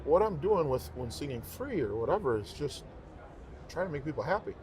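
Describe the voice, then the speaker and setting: A man's voice: on the high side, fairly quick. A man who sings professionally, speaking as a guest in a casual interview chat, emphatic and heartfelt, repeating himself for stress. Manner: emphatic, animated storytelling.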